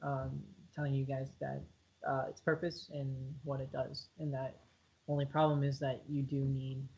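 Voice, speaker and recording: A man's voice: medium pitch, little pitch movement, moderate pace, gravelly, warm tone. Hesitant game master man, lo-fi audio. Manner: casual, hesitant with many ums. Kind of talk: narrating a tabletop game. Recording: dull lo-fi audio.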